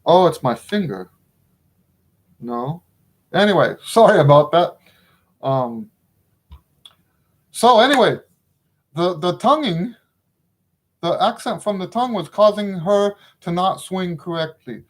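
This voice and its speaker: A man's voice: high voice, expressive, slow pace, long pauses. A middle-aged man teaching trumpet in a casual spoken lesson, frank and opinionated, often checking in with the listener.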